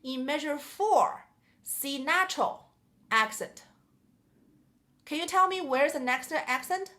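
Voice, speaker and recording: Slow, bright-voiced woman teaching piano. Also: high voice, animated. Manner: explains in short phrases and sings rhythm syllables. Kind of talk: jazz piano lesson. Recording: piano playing behind.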